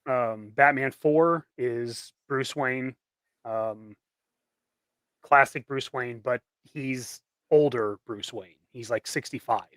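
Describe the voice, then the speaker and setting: A man chatting casually on a livestream, relaxed and hesitant, with many ums as he explains ideas. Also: mid-range voice, slow, no room sound.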